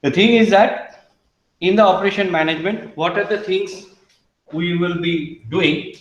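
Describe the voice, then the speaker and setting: A man's voice: high-pitched, normal speed. An older man with an Indian English accent lecturing a class, explaining in a rambling way and speaking directly to his students. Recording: echoey room, dull lo-fi sound.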